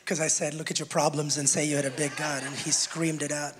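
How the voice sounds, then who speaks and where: A man preaching a sermon to a congregation, swinging between shouted exhortation and quiet teaching, and joking with the people in front of him. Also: on the high side, flat delivery, fairly quick, noisy background. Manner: jokes with the congregation. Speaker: pastor. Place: church hall with congregation. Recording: long church hall reverb.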